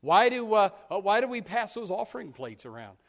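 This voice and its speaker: A man's voice: sits high, a little fast, gravelly. Folksy male pastor in a reverberant hall. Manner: folksy, animated, acts out yelling parents and kids. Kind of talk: sermon.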